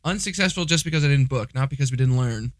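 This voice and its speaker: A man's voice: medium pitch, expressive, fast talker, no room sound. A young man co-hosting a podcast, chatting casually in a joking, self-deprecating way. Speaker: podcast co-host. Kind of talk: casual chat.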